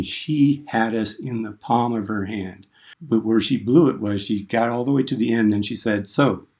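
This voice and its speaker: A man with a somewhat low voice teaching a speechmaking class. He talks conversationally, like a storyteller, and briefly acts out the lines he quotes. His delivery is relaxed and direct. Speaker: instructor.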